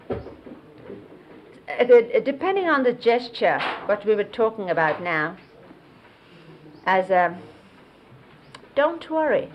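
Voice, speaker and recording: Slow, unhurried woman telling old stories. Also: mid-range voice, highs cut off, background noise. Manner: unhurried, explains and demonstrates hand gestures. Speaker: close companion recounting memories of a spiritual teacher. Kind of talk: reminiscing storytelling. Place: 1970s videotaped sit-down interview.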